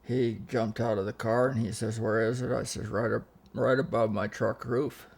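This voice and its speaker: A man's voice: medium pitch, little pitch movement, normal speed, vocal fry, a little mellow, husky. An older man telling rambling family anecdotes in a casual interview, often restarting his sentences and quoting what others said. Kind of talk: casual storytelling.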